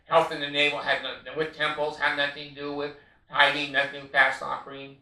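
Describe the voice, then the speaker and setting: A man's voice: fairly high pitch, bright, forceful tone, roomy sound, distant mic, low-quality recording. An older man delivering an impassioned, emphatic monologue as a host, repeating his points with many hesitations. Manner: emphatic, repetitive, frequent uh fillers. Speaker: podcast host.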